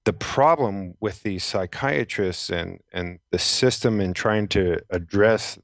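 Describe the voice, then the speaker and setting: A middle-aged man with a very low, deep voice tells his story earnestly. He talks reflectively and often restarts his sentences. The sound is dry and close. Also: slow pace, a bit bright, no echo. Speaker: podcast guest, retired Navy SEAL. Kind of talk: conversational storytelling.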